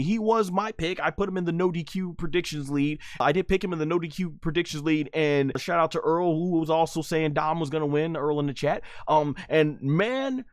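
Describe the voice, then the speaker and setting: Guy breaking down wrestling matches, pretty high voice, gets hyped and loud, dry close mic. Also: no room sound. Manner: excitable, animated recounting with laughs and shouts. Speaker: wrestling reviewer. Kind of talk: casual recap commentary.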